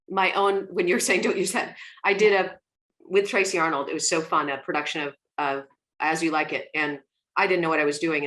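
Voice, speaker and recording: Low-pitched woman hosting a theatre talk. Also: a bit bright. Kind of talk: casual online interview.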